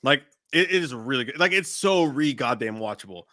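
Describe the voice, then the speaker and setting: A man's voice: medium pitch, a little fast, no echo, studio quality. A man co-hosting a live movie stream, rambling casually and swearing a lot. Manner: profane, rambling, excitable. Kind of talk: casual chat.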